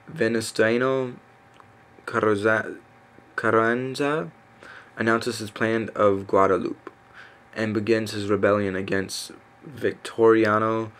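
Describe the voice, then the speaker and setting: A man reading a list aloud in a casual, halting way, stumbling over names with fillers and self-corrections. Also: on the low side, fairly bright tone. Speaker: reader. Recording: faint background noise.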